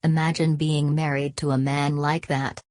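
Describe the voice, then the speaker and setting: A woman's voice: sits low, little pitch movement, normal speed, a little mellow, no echo, clean studio sound, close to an everyday voice. A woman reading a giggly, squeamish young barmaid who shrieks and protests.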